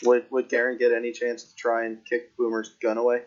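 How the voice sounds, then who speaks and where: Male tabletop player, mid pitch, states his character's actions matter-of-factly; lo-fi recording. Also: monotone, a little fast. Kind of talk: casual chat at a game table.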